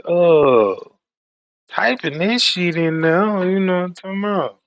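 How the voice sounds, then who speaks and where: Profane, animated man telling comic stories. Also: high voice, a little slow, no echo. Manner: profane, animated, laughing often. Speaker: streamer. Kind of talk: comedic storytelling rant.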